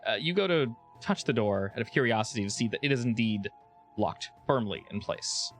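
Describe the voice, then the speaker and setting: A man narrating as game master of a tabletop game, relaxed and a bit hesitant. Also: medium pitch, fairly quick, soft background music.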